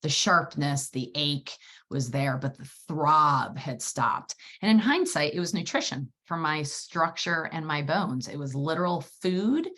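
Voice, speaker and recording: A woman hosting a solo podcast, telling a personal story in a lively, wordy way and swearing freely. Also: low voice, measured pace. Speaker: podcast host.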